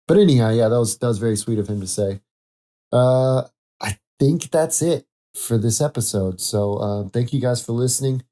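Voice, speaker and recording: A man's voice: lowish voice, warm tone. A man hosting a casual solo podcast, rambling, correcting himself and laughing at his own jokes. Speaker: podcast host.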